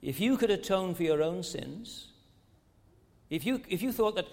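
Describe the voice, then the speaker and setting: Man, preacher, sermon, emphatic questioning delivery, high voice, echoing church hall. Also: expressive, moderate pace. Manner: emphatic, rising and falling with many rhetorical questions.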